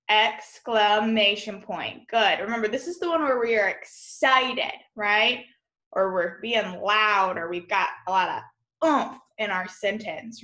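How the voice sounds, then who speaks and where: Slow, spelling-out woman teacher. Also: medium pitch, echoey room. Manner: slow, spells words letter by letter; warm encouraging teacher talk, addresses class as friends. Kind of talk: remote classroom lesson.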